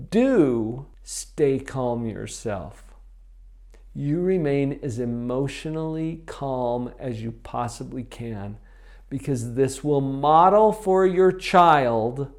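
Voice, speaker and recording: A middle-aged man giving a parenting lesson, emphatic, slowing down to stress key phrases. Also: medium pitch, darkish tone. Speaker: parenting coach. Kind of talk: instructional talk to camera.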